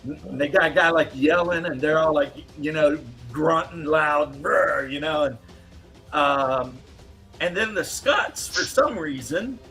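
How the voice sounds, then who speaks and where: Stream host, man, loose profane storyteller; slightly higher voice over faint background music. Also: animated, a little slow, bright, forceful tone. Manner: loose, profane, laughs while telling stories. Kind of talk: casual chat.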